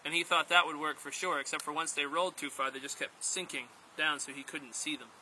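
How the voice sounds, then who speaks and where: A man telling a story aloud to a group, playful and animated, speaking directly to his listeners. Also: fairly high pitch, a little fast, a little hiss or hum, poor audio. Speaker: storyteller and outdoor instructor.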